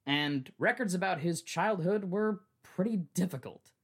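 A man's voice: high-pitched, lively intonation, measured pace, slightly rough. A young adult man hosting a podcast, telling a true story in a chatty way with frequent restarts. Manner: chatty, restarts often, laughs along. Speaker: podcast host.

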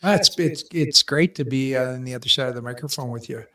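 A middle-aged man, a guest and former hockey analyst, chatting in a studio in a relaxed way and laughing often. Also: mid-range voice, fast talker. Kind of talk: casual studio chat. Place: podcast studio.

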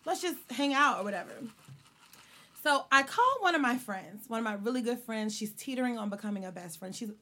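A young woman co-hosts a casual podcast, telling stories with big laughs and plenty of cursing. Her voice sits a bit high and rings bright. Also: fairly quick. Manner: animated, laughing, swearing freely. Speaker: podcast co-host. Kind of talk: casual storytelling chat.

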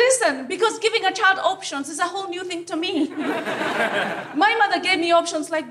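A woman from Africa performing a live stand-up set, with punchy, teasing delivery and pauses for laughs. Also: very high voice, lively intonation, noisy background. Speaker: stand-up comedian. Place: comedy venue stage before a live audience. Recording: live room with audience laughter.

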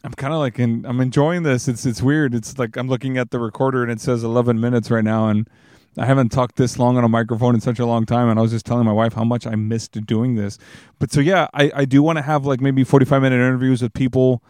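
Man, solo podcast host, chatty and earnest, mid pitch, dry close-mic sound. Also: level tone, fast talker, a little mellow, no echo. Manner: rambling, earnest, many restarts and fillers. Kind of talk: casual solo podcast monologue. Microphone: close to the microphone.

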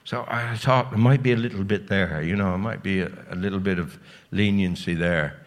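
Male storyteller, live-show anecdote, relaxed comic delivery. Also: low voice, brisk. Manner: animated, swearing, comic timing. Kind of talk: anecdote told on stage. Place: live venue with audience.

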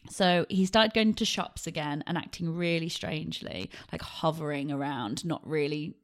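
A woman's voice: sits low, normal speed. A woman, a podcast co-host telling a true-crime story in a chatty way, laughing and acting out the quotes.

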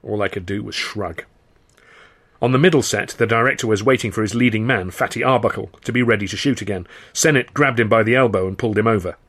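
A middle-aged man reading his own novel aloud in dry, measured first-person narration. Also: on the low side, a bit bright. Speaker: author and audiobook reader.

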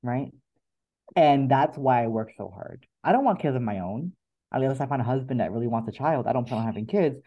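A man's voice: medium pitch, expressive, brisk, highs cut off. A man as a podcast guest, talking in an earnest, reflective way and often repeating words as he gathers his thoughts. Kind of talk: emotional interview conversation.

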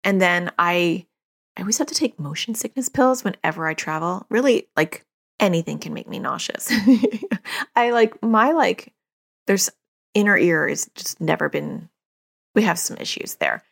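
A middle-aged woman hosting a parenting podcast, speaking in a lowish register with a gravelly fry running through her voice. She talks casually and candidly, sharing her own experience with plenty of fillers. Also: animated, normal speed, fairly bright tone. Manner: chatty, self-disclosing, with frequent fillers and laughs. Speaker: podcast host and parenting therapist. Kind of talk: casual advice monologue.

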